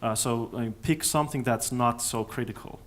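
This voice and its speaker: A man stands before a conference audience, fielding questions. His voice sits in an ordinary middle register. He is thoughtful and halting, often restarting sentences as he works out his answers. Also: mid-range voice, steady tone, fairly bright tone. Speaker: conference speaker. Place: conference hall.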